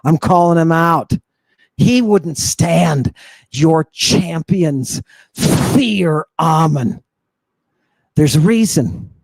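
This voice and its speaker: Male host, theatrical preacher-like lecturer, slow delivery, dry booth sound. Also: fairly high pitch, lively intonation, a little mellow, dry recording. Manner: slow and emphatic. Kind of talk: livestream lecture to viewers.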